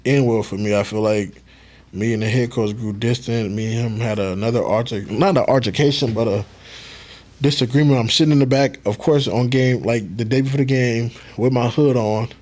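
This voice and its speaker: Relaxed male podcast guest, former football player, loose storytelling. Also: mid-range voice, fairly quick. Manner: laid-back, swears casually, acts out quotes. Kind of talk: casual storytelling.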